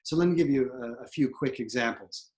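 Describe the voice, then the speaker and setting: A man's voice: medium pitch, brisk, darkish tone. A middle-aged man, a theatre professor, explaining accent technique and breaking off to demonstrate sounds.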